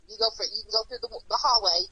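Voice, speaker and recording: A woman hosting a casual chat, animated and blunt, repeating herself and swearing as she talks. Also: mid-range voice, racing, breathy edge, no echo, muffled recording. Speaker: host.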